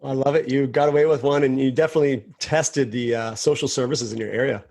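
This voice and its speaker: A man hosting a casual interview, reacting quickly and laughing along with his guest. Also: medium pitch, steady tone, a little mellow. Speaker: podcast host.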